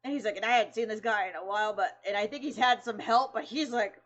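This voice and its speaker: A woman streamer telling a long anecdote in casual chat, rambling and animated, with lots of fillers. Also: mid-range voice, fast, highs cut off. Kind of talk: casual storytelling.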